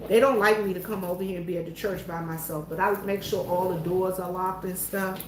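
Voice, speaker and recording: A woman's voice: on the low side, fairly even intonation, fairly quick, echoey room, background noise. A Southern woman chatting to her viewers in a folksy, storytelling way, alone in an empty church. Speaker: church worker and vlogger. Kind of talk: casual chat to viewers.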